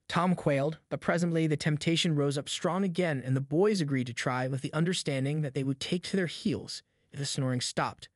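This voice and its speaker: A man reads a classic novel aloud in a fairly high voice. The recording is dry and close, with no room sound behind him. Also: moderate pace, hardly any pauses, no echo. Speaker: audiobook narrator. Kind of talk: scripted narration of a novel.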